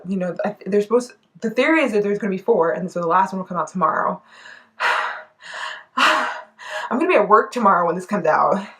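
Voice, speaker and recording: A woman doing a reaction vlog, excitable and quick to shriek, swearing freely and rambling with lots of fillers. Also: mid-range voice, low-quality recording. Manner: rambling, filler-heavy storytelling. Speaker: YouTube reaction vlogger. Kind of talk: reaction commentary.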